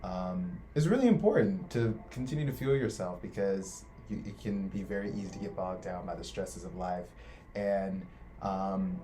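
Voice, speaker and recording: Earnest young man, low voice. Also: lively intonation, dark tone, slight background noise. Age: young adult. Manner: earnest, reflective, measured. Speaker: co-host. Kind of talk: casual faith discussion.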